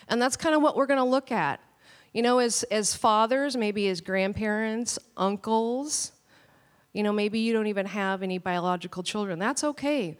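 Woman pastor preaching in a reverberant hall. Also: mid-range voice. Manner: animated storytelling with laughs. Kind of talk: sermon. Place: church hall. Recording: long church hall reverb.

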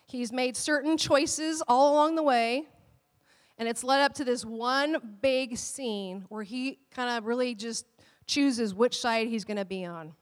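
A middle-aged woman pastor giving a sermon in an animated way, laughing often and acting out quotes in a high voice. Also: measured pace. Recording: long hall reverb.

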